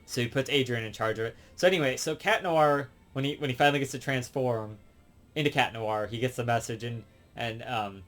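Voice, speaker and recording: A man's voice: medium pitch, brisk, a bit bright. A man with a mid-range voice talks through a cartoon episode in a loose, rambling way. He keeps stopping to restart and correct himself, and leans on "like" and "um". Faint music sits underneath his voice. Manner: rambling, full of fillers and self-corrections. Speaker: show reviewer. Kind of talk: casual rambling episode recap.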